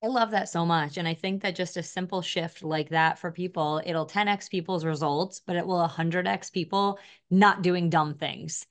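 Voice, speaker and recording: A woman co-hosts a podcast with a chatty, upbeat manner. Her voice sits on the low side for a woman. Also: steady tone, moderate pace, few pauses. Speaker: podcast co-host. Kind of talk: podcast interview.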